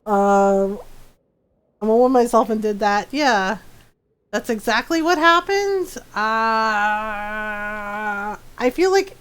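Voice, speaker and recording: A woman's voice: medium pitch, expressive, takes it slowly, pauses often, fairly bright tone, clean tone. A woman streaming a video game, chatting casually, laughing often and acting out characters in playful voices. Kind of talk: casual gameplay commentary.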